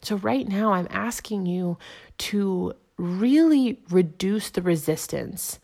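A woman giving an earnest, encouraging motivational talk, repeating affirmations and slowing down for emphasis. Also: fairly low pitch, vocal fry, dark tone. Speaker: motivational speaker. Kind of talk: inspirational monologue.

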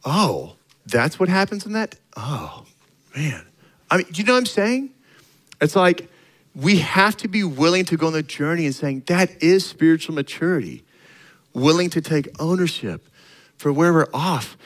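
A man's voice: on the high side, animated, normal speed, poor audio. A middle-aged male pastor preaching a sermon in a conversational way, acting out little dialogues and rising to emphatic points.

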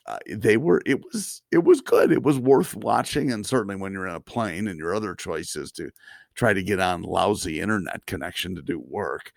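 Man, low gravelly voice, casual podcast chat, halting restarts, dry sound. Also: lively intonation, no echo. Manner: chatty, halting restarts, frequent laughs. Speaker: podcast co-host.

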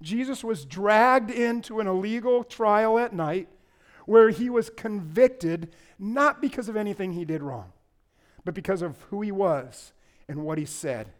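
Preaching at a measured pace, this male pastor swings between impassioned, loud passages and quiet low moments, with teasing remarks aimed at his congregation.

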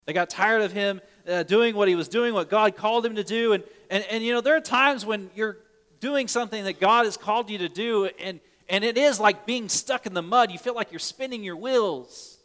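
A man preaching a sermon earnestly, swinging between loud urgent lines and hushed soft ones, often repeating words as he restarts. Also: high-pitched, long reverb tail. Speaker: pastor.

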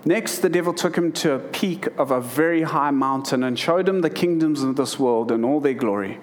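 Medium-pitched and at normal speed, the man barely pauses, with slight background noise behind him. He's a pastor in his thirties giving a sermon: scripture first, then a heartfelt personal story marked by emotion and many restarts.

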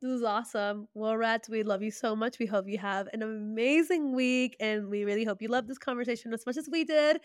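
A young woman co-hosting a podcast, warm, encouraging and effusive in casual chat. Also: on the high side, brisk, hardly any pauses, smooth, no echo, studio quality. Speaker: podcast co-host.

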